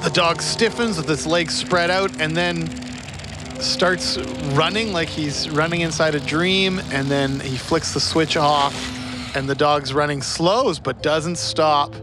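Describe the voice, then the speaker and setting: A man narrating scenes as game master of a tabletop game, in steady, descriptive storytelling. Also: on the high side, unhurried, music in the background.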